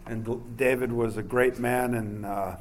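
A man from New York delivers a sermon in a relaxed, talky way, full of fillers and asides. His voice sits at an ordinary middle pitch. A faint hiss runs under the recording. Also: unhurried. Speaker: pastor.

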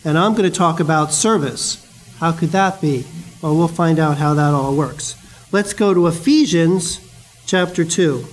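A man with a notably high voice preaches a sermon. He talks in a loose, conversational way, slipping into stories and quick asides between scripture readings. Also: poor audio.

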